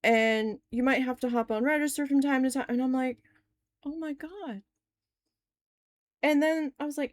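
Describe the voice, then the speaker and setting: Woman, 40s, casual crafting vlogger, chatty and rambling, swears now and then; slightly high voice, dry close recording. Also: moderate pace, no room sound. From New Jersey. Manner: chatty, long-winded, swears when annoyed. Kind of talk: casual storytelling while crafting.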